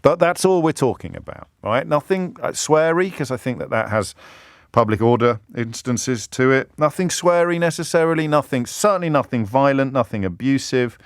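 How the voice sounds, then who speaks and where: A middle-aged man hosting a radio phone-in, talking in a lively, self-interrupting way and slipping into mimicked heckler voices. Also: medium pitch, moderate pace, no room sound, studio quality. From England. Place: radio studio. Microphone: studio microphone.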